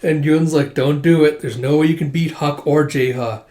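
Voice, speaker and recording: A man casually retelling a manga volume, quickly quoting each character's lines with light changes of voice. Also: a little high, mellow. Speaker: manga reader and reviewer. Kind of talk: casual readthrough narration with quick quoted dialogue. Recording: echoey room.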